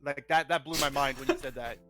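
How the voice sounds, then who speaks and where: A man's voice: medium pitch, fairly even intonation, a little fast, bright, forceful tone. Direction: a rambling, self-mocking streamer guy. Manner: rambling, reads chat aloud, self-deprecating. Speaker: streamer and model kit builder, guest. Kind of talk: casual livestream chat.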